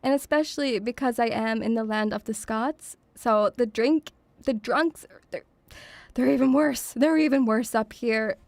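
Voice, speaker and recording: A woman's voice: a little high, a little slow, darkish tone, dry recording. A woman streaming as a VTuber, chatting in a playful, doting, rambling way. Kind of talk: casual debut stream chat. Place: home room, near pubs.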